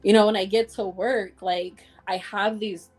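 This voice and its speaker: A woman guest talking openly in a relaxed conversation. She is heartfelt, acting out what others said as she tells her stories and leaning on "like" as a filler. Her pitch sits in the middle of the range, with faint music playing behind her. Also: unhurried. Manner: heartfelt storytelling, acting out dialogue, many "like" fillers. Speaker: interview guest. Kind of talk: casual conversation.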